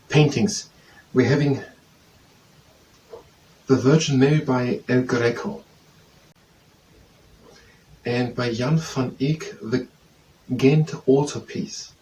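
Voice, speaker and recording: A man's voice: mid-range voice, slow, long pauses, a little mellow. A man studying aloud, quizzing himself with repetitive phrases and hesitant restarts. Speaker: student memorizing aloud. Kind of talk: thinking aloud while studying. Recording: distant mic with faint background noise.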